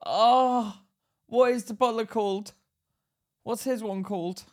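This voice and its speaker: A podcast co-host jokes and questions playfully in casual chat, now and then bursting into loud laughter. He has a high voice with fairly even intonation and a normal pace.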